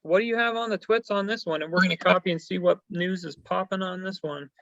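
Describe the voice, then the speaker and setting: A man's voice: high-pitched, quick pace, lo-fi sound, crowd noise. A man hosting a stock news chat, talking casually and rambling with many fillers and hesitations. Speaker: stock show host.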